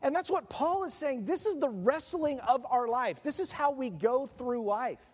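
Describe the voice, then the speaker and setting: A middle-aged man preaching a sermon as pastor, telling stories in an animated, self-mocking way. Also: extremely high pitch, normal speed, husky. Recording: long reverb.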